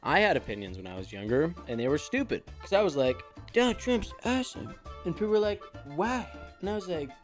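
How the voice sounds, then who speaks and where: Young man, from the US, high voice, nervous, rambling, self-mocking, casual vlog, faint music. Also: animated, quick pace, hardly any pauses. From United States. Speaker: YouTuber. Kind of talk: casual monologue to camera.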